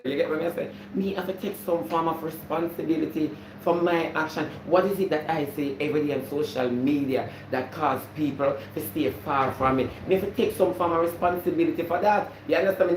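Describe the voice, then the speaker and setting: A man's voice: on the high side, roomy sound, a little hiss or hum. A Jamaican man hosting a casual live stream, preaching to viewers about responsibility and greeting them by name, repeating his points.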